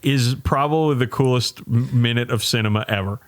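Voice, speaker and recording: A man's voice: medium pitch, a little fast. A man co-hosts a comedy podcast in an ordinary mid-range voice. He talks emphatically and profanely, often stopping and restarting as he works through a point. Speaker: podcast co-host. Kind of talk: casual chat.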